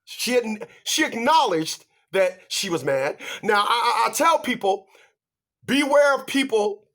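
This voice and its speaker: A man giving relationship advice in an animated monologue, emphatic and stammering as he talks straight to his audience. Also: very high-pitched, a little slow. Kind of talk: animated ranting monologue to viewers.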